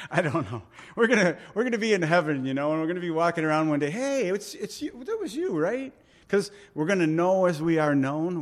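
A middle-aged man preaching a sermon as pastor, earnest and conversational, asking rhetorical questions and pleading with light humor. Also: on the high side.

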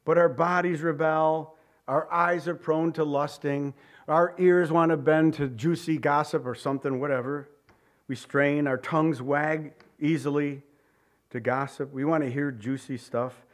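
Guy preaching a sermon, slightly high voice, goes loud then drops to a hush, repeats stuff for punch. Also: fairly even intonation, a little slow. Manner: dramatic swings from loud exclamations to hushed low emphasis; repeats key words for emphasis.

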